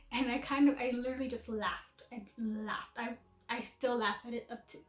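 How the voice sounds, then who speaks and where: Woman, casual vlog chat, self-deprecating, fairly high voice, echoey room. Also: steady tone, moderate pace. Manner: chatty, self-deprecating, laughing at herself. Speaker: vlogger.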